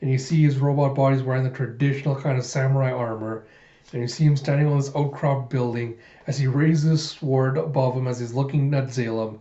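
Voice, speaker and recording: A man casually reading through a comic aloud, narrating each page in a relaxed way. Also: medium pitch, a little fast. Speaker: manga reader. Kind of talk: casual manga readthrough. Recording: roomy, muffled home recording.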